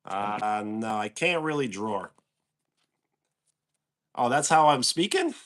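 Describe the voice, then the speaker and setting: Slow-talking man with a New York accent. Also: medium pitch, animated, a bit bright. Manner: easygoing, answers chat questions aloud. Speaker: livestream host. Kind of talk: casual chat reading out viewer comments.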